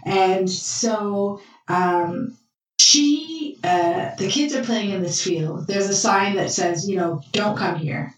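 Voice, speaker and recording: Relaxed woman in an echoey room. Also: mid-range voice, slow pace. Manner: relaxed storytelling with fillers. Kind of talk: casual chat recapping a TV drama. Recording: echoey room, far from mic, faint music.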